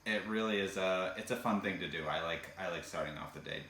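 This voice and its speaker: A man co-hosting a casual podcast, chatting in a relaxed way with plenty of fillers. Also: sits low, fast talker, vocal fry. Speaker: podcast co-host. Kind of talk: casual chat. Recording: echoey room, faint noise.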